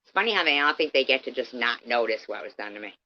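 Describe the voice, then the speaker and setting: In a heated, profane livestream rant, a woman with a very deep voice and lively intonation talks fast and confronts her critics head-on, addressing them directly. The stream audio is dull and lo-fi.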